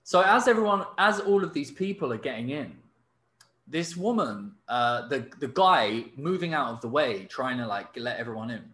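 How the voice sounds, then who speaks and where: Chatting casually on his podcast, a man with a medium-pitched voice spins an animated story packed with fillers and laughter. He talks at normal speed, and the audio is reverberant.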